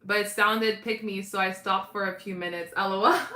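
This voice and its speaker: A woman's voice: medium pitch, fairly even intonation, moderate pace, sharp tone, roomy sound. A young woman hosting a casual livestream, chatting animatedly with her viewers in the chat. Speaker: livestream host.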